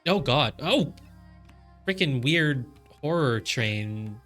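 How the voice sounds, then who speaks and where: A man's voice: mid-range voice, expressive, slow pace, a bit bright, faint music behind. A young man streaming a puzzle game live, chatting and puzzling aloud with lots of fillers.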